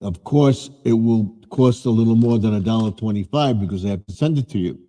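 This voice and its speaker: Older man with a very dark voice. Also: fairly low pitch, fairly quick. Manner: rambling, corrects himself often. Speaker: live stream host. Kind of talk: casual live stream chat.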